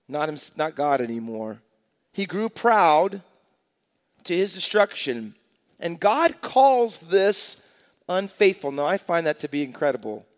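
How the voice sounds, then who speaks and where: A man preaching a sermon, emphatic and lively, asking rhetorical questions and acting out quotes. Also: fairly high pitch, in a large hall. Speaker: pastor.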